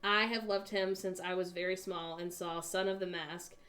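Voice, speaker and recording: A woman's voice: on the low side, steady tone, normal speed, fairly bright tone. A young woman from the United States in casual chat, telling a long dream story with lots of fillers and laughs. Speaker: co-host. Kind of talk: casual chat on a craft stream.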